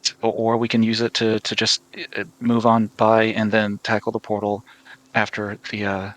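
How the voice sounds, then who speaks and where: A man's voice: fairly low pitch, completely flat delivery, moderate pace, fairly bright tone, dry recording, rough recording. A man describing his character in a tabletop game, hesitant and full of restarts. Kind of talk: casual role-play narration.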